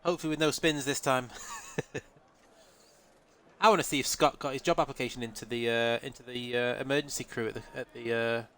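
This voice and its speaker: Nasal, congested race commentator. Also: male voice, medium pitch, steady tone, a little fast, a bit bright. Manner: chatty, answers live chat, laughs often. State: congested with a head cold. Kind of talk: live sim-racing commentary.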